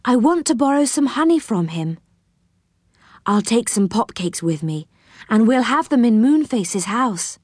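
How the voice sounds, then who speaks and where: A gentle little fairy from a storybook, light and friendly in a raised, lilting voice, as a woman reading aloud puts her on. Her pitch skips up and down as she talks. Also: big pitch swings, a little slow, no echo, studio quality.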